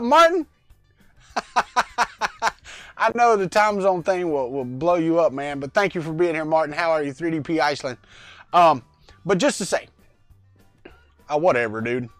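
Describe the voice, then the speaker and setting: Speaking into a lavalier mic at his home workspace, this middle-aged livestream host rambles along and calls out viewers in the chat by name. His voice sits on the high side, with no echo, in a casual live-chat vlog style.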